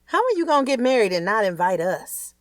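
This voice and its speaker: An indignant middle-aged mother in an audiobook, scolding her grown daughter in a raised, pitched-up voice, as a woman reading puts her on. The sound is dry and close. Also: very animated, a little fast, dry recording.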